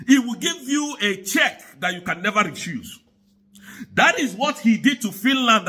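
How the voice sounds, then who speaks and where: A man's voice: sits high, pushed and bright, breathy edge. A man from Nigeria delivering an angry, insistent political rant to the camera, repeating his points. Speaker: political commentator.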